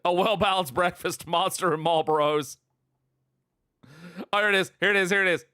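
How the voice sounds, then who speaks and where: An excitable man chatting on a live stream, laughing often and repeating himself. His voice is bright and smooth, sitting at an ordinary pitch. The sound is close and dry, with faint music under him. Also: moderate pace, no room sound. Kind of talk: casual livestream chat.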